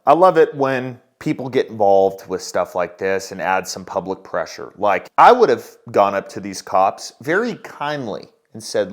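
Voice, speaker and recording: A man's voice: fairly low pitch, big pitch swings, normal speed, few pauses. Blunt swearing man. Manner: blunt, swearing, mocking impressions. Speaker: host. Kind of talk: profane political commentary.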